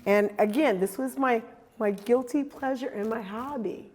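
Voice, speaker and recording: A middle-aged woman giving a casual talk about her artwork, animated and acting out quoted dialogue as she tells stories. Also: on the high side, normal speed, breathy edge. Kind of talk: casual presentation.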